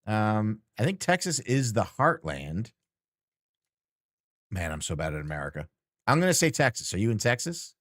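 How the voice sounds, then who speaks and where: A man's voice: fairly low pitch, sing-song, normal speed, pauses often, a bit bright, no room sound. A man streamer chatting casually and teasingly with his chat while playing a game, rambling and joking.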